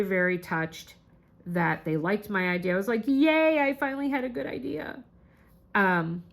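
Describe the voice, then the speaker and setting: A woman chatting casually to her viewers about crafting kits, bubbly and gushing, squealing whenever she gets excited. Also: lowish voice. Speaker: crafting vlogger.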